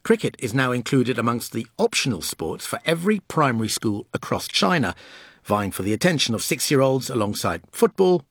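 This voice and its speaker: A man reporting, with measured scripted documentary narration. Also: medium pitch, very animated, breathy edge, no echo, studio quality.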